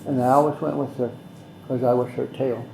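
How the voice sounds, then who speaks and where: An older man, slowly telling a traditional story as an elder guest, with measured, repeated phrases. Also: medium pitch, little pitch movement, creaky, dark tone, slight background noise. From Mohawk Valley, New York. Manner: measured, repetitive, speaks some phrases in Mohawk. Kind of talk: slow oral storytelling. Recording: roomy echo.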